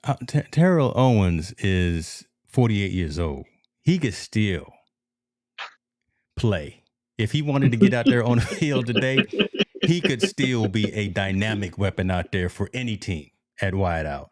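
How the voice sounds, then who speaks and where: A man's voice: on the low side, lively intonation, a little slow. A man co-hosting a casual sports talk show, telling stories animatedly and addressing the listeners as folks. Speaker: podcast co-host.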